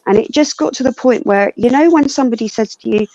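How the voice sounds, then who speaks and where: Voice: mid-range voice, fast, darkish tone, no echo. A blunt, swearing panelist vents at length in a casual live stream chat. The sound is dull and lo-fi over a video call, and very dry, with no room around it.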